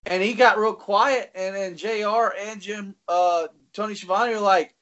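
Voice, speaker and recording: A man's voice: sits high, fairly even intonation, unhurried, few pauses, fairly bright tone. A man co-hosting a casual wrestling podcast, blunt and agreeable, swearing freely. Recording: dull lo-fi audio.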